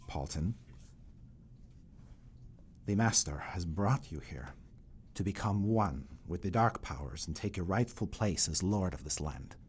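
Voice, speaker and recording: A pale young vampire thrall, all courtly menace, voiced by a man in a tabletop game. He speaks low and soft, lingering slowly over each threat, often sinking into a breathy whisper. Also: lively intonation, a little hiss or hum. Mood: solemn.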